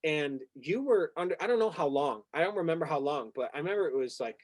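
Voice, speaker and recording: Excitable male host telling a story. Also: fairly high pitch, fast talker. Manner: excitable, vivid retelling with acted-out quotes. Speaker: podcast host. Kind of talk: animated storytelling in casual conversation.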